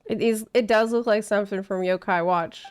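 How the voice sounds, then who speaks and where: A woman's voice: mid-range voice, steady tone, brisk, a little mellow, smooth. A woman streamer chatting casually and laughing as she plays through a game. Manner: chatty and giggly, reacts to the game. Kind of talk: casual gameplay commentary.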